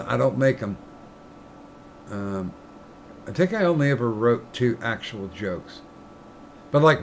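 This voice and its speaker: Man streamer, casual chat, rambling, profane, slow pace, faint background noise. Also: medium pitch. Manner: rambling, profane, laughing at own jokes.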